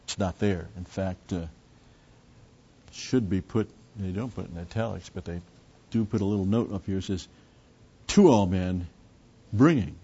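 Low-voiced man teaching scripture, lo-fi. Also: steady tone, moderate pace, warm tone, husky. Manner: methodical, explains Greek words, repeats key terms. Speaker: preacher. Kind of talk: expository Bible teaching. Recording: dull lo-fi recording.

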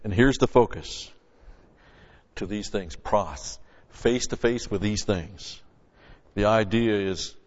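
A man preaching an expository sermon from a Bible passage, emphatic, with loud stressed words and quiet asides. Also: lowish voice. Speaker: pastor. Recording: lo-fi recording with long hall reverb.

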